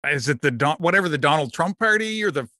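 A man's voice: on the high side, lively intonation, fast, bright, forceful tone, dry recording, studio quality. A man who does voice work as a guest on a casual talk show, easygoing and blunt, laughing often. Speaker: voice actor guest. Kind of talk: casual chat.

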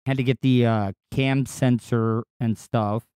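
Slow, mellow-voiced male podcast host. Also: fairly even intonation, clear, resonant tone, no echo, studio quality. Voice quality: distinctive voice that is not deep. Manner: rambling, crude and candid, with frequent restarts and swearing. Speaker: podcast host and radio personality. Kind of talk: casual solo podcast monologue.

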